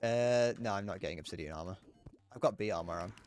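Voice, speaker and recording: Rambling British streamer, crude and chatty. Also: male voice, low-pitched, fast, darkish tone, faint music behind. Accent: British English. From Britain. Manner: rambling and crude, answering chat with frequent restarts. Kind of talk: casual gaming live-stream chat.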